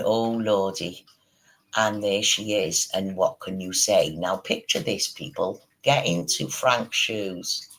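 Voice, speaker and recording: A man delivers a sweary, mocking commentary in a slow, unhurried way. His voice is husky and gravelly, yet sharp and bright at the front. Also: lowish voice, rough recording. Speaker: streamer. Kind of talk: ranting commentary.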